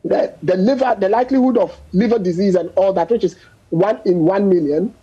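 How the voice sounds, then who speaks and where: A man speaks as a doctor on a news panel, husky and mellow in tone. He presses his case hard with figures and everyday comparisons. The sound comes over a dull, lo-fi remote link. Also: high-pitched, a little fast. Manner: emphatic, explains with statistics and everyday examples. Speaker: doctor guest. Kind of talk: panel discussion on a news show.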